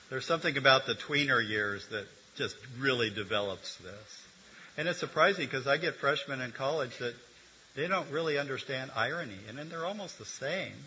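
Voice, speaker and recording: Bright-voiced older man preaching. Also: mid-range voice, a little hiss or hum. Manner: conversational teaching with humor and asides. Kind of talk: sermon. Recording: dull lo-fi recording.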